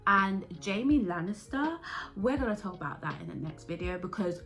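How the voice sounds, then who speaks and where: Brief: woman vlogger, bright voice, excitable and rambling, casual chat, light music underneath. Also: medium pitch, normal speed. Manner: excitable, rambling, jumps between thoughts. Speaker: vlogger reviewing a TV series.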